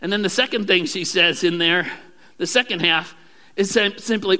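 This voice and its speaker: A male pastor preaching a sermon, acting out prayers in a raised, animated voice. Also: high-pitched, normal speed, in a large hall.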